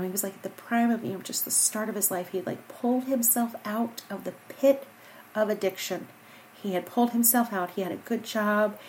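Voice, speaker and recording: A woman's voice: on the low side, darkish tone, slight background noise, poor audio. A woman hosting a personal podcast, speaking earnestly into a microphone, tearful and fighting back crying. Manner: heartfelt, earnest, repeats herself. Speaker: podcast host. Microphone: studio microphone.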